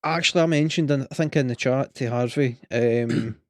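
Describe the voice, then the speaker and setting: A man's voice: medium pitch, moderate pace, no echo. Rambling Scottish man, dry close sound. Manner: rambling, hesitant, lots of fillers. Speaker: podcast co-host. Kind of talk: casual chat.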